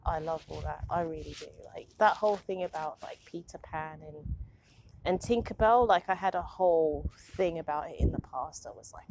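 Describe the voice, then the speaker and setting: A woman's voice: on the low side, expressive, a little fast, creaky, very noisy. A young woman, chatting on her own vlog in a rambling, self-mocking way and laughing often. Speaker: vlogger. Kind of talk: casual confessional chat. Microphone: phone or low-end camera.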